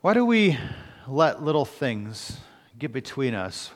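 A man, a pastor, preaching a sermon, reading scripture, then telling a story in an earnest, halting way with pauses and restarts. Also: mid-range voice, big pitch swings, big-room sound.

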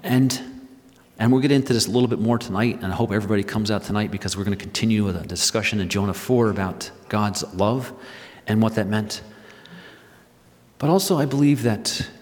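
A man's voice: fairly low pitch, brisk, a little mellow. A man preaching a sermon as pastor in a church sanctuary, retelling scripture with emphatic stresses, drawing out key words and then pressing ahead. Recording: long hall reverb.

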